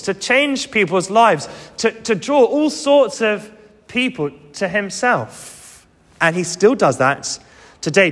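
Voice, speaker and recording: Bright-voiced preacher in a reverberant hall. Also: male voice, high voice. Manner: earnest, emphatic, repeats key phrases. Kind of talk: sermon.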